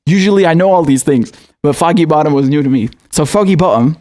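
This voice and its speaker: A man's voice: a little high, fast talker, mellow. A young man hosting political commentary, indignant and profane, often laughing.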